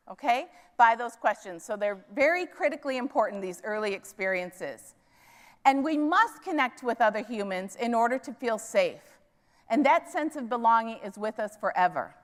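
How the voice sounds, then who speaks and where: A middle-aged woman from Minneapolis giving a conference keynote, telling stories and often asking the audience "right?". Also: fairly high pitch. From Minneapolis, US Midwest. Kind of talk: keynote talk. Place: conference hall stage. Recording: large hall with long reverb.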